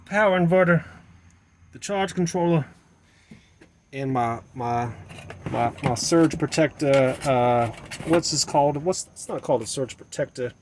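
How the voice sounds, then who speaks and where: A man's voice: medium pitch, unhurried, long pauses, slight background noise. A man talking to the camera as a mother, rambling to himself and repeating his phrases, outdoors at dusk while he sets up solar gear. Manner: repeats phrases, muttering and then rising into agitated outbursts. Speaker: vlogger in a mother persona. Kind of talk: rambling self-talk monologue.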